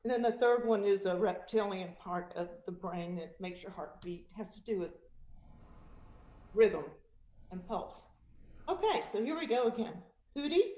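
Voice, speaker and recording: A woman vocal coach giving a lively demonstration of singing technique on a video call, breaking into short sung exercises and laughing often. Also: medium pitch, unhurried, long pauses, echoey room, dull audio. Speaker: vocal coach and guest speaker. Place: virtual meeting.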